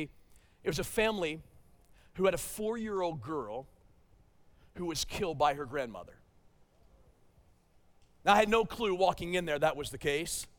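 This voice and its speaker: A man preaching a sermon as pastor, swinging from loud emphatic peaks down to quiet, hushed stretches. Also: fairly high pitch.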